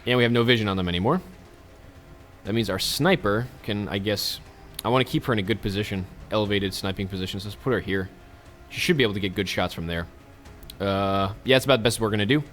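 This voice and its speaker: A man's voice: on the low side, fast talker, a bit bright, faint music behind. Chatty man narrating his gameplay. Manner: chatty, joking asides to viewers. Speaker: let's play host. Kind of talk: casual gameplay commentary.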